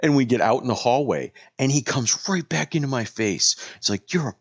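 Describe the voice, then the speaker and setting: A man's voice: mid-range voice, moderate pace, no room sound. A man, a lawyer, telling a story on a casual podcast and acting out the lines people said. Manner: animated, acts out quoted lines.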